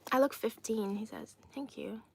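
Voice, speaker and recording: A woman's voice: on the high side, creaky, a little hiss or hum. A young woman chatting casually on a livestream, reading viewers' comments aloud with frequent giggles. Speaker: streamer reading live chat.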